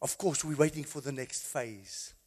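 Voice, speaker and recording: A man, a pastor, preaching an impassioned sermon that swings from quiet, low passages to high, shouted exclamations. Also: moderate pace, breathy edge, long reverb tail.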